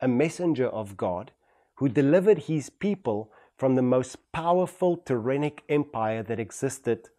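A man's voice: medium pitch, lively intonation, normal speed, dark tone. A man with a South African accent preaching a sermon as pastor, building emphatic rhetorical repetitions. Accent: South African English.

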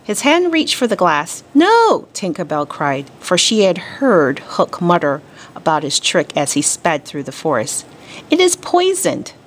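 A woman teacher reading a children's storybook aloud to her class, expressive and deliberate. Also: sits low.

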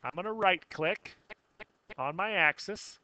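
A man teaching a math software tutorial, narrating each click step by step with casual self-corrections. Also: high voice, measured pace, dry recording. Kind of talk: screen-recorded software tutorial.

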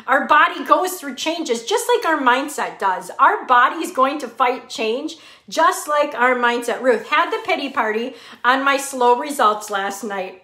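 A woman's voice: sits high, sharp tone. A woman hosting a casual live fitness chat, greeting viewers by name and laughing often. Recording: echoey room.

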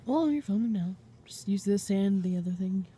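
A woman's voice: mid-range voice, expressive, moderate pace, mellow. A teenage girl chatting and teasing a friend in a casual, joking way. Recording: echoey, distant, very noisy.

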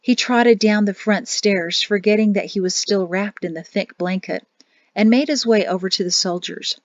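A woman reading an audiobook chapter as narrator in a steady storytelling manner. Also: medium pitch, moderate pace, dry recording. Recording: dull dry home recording.

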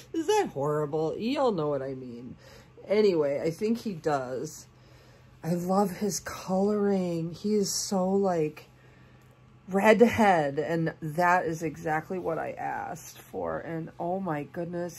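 Unboxing host, woman in her forties: husky, low-pitched, gushing with soft hushed asides, sick. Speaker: doll collector and channel host. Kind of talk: casual unboxing vlog.

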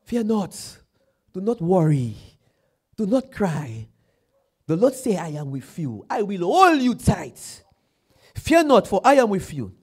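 A man from Dominica, preaching a sermon, repeating his phrases and building to loud exclamations. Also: sits high, wildly swooping pitch, unhurried, slightly rough.

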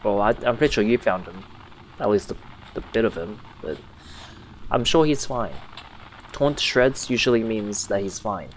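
A man with a lowish voice gives wry, jokey commentary as he plays through a horror game. A faint hiss of noise sits under him. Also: moderate pace, long pauses, low-quality recording. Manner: sarcastic, jokey asides. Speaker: gaming youtuber.

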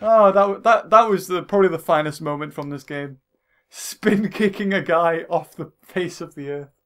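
A man doing jokey gameplay commentary as a let's play host, excitable and often shouting at the screen. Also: on the high side, moderate pace. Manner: excitable and jokey, yelling at the game. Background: game music.

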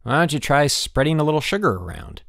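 A man puts on a cocky schoolboy ringleader in an audiobook, always ready with a sarcastic quip. He sounds bossy and quick-witted. The recording is dry and close. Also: fairly high pitch, big pitch swings, a bit bright, no echo, pitched above the performer's own voice. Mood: wisecracking.

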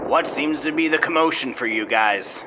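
A man's voice: on the high side, moderate pace, noisy background. A young man improvising a wisecracking comedy dub over an old film. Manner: wisecracking, sarcastic. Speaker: comedy dubber.

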